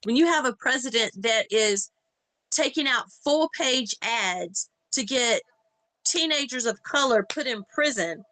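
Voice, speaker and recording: A woman in casual chat on a podcast, telling animated stories and acting out the people in them. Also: on the high side, unhurried, a little hiss or hum, rough recording. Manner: animated, acts out quoted voices in anecdotes. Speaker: podcast co-host.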